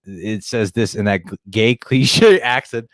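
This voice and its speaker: A man's voice: fairly low pitch, a little slow, no room sound. A young man co-hosting a casual livestream, reading viewer chats, laughing often and restarting his sentences.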